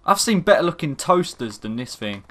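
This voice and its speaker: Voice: medium pitch, big pitch swings, moderate pace, a bit bright. A gaming commentator talking over gameplay, exasperated and ranting at the game.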